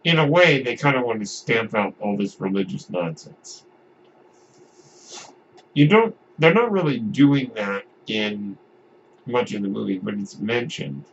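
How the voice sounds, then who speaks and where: A podcast host with a lowish, gravelly, expressive voice chats casually about films at a measured pace. He rambles, often restarting sentences and drifting into asides. The audio is dull and lo-fi, with faint noise.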